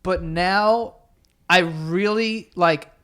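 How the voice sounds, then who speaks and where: A man's voice: high voice, extremely slow, smooth. A young man hosting a podcast, chatting casually and acting out the people in his stories. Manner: animated storyteller, acts out quotes. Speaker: podcast host. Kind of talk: casual chat.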